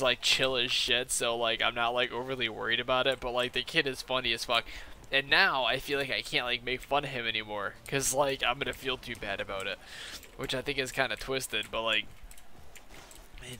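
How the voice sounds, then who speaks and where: A man's voice: mid-range voice, pushed and bright, a little hiss or hum. A young man casually telling a rambling, profane story over gameplay, filling his talk with "like". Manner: rambling, profane, filler-heavy "like". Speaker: gaming video host.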